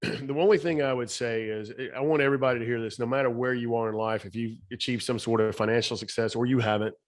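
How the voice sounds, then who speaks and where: A man's voice: mid-range voice, steady tone, quick pace. Southern man, emphatic motivational speaker. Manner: emphatic, repeats key phrases. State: slightly shaky voice. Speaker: podcast guest, speaker and author. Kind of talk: motivational podcast talk.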